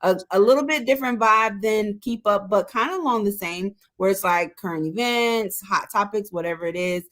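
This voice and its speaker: A woman's voice: medium pitch, normal speed. A woman guest on a podcast who is an author, casually plugging her social media, her book and her own show, with many fillers. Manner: relaxed, self-promoting, with frequent fillers.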